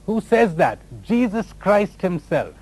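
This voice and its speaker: Male spiritual teacher, animated storyteller with a lively, fairly high voice. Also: takes it slowly, poor audio. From India. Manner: animated storyteller, laughs at own jokes.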